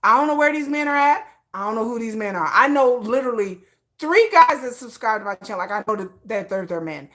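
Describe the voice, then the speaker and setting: Bright-voiced, dramatic woman livestreamer. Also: fairly quick. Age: adult parent. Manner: animated and dramatic, swinging between high exclamations and low mutters. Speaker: YouTube channel host. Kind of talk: casual livestream chat.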